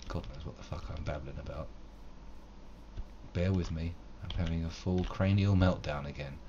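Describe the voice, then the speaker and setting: Deep-voiced rambling man gaming. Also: fairly even intonation, normal speed, dark tone, dull audio, a little hiss or hum. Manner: rambling, wordy and self-mocking, with old-fashioned flourishes. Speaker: game streamer. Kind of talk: live gameplay commentary.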